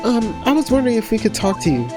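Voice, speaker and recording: A man voicing an eager young woman detective in a raised falsetto-like voice, reading game lines. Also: sing-song, racing, music in the background.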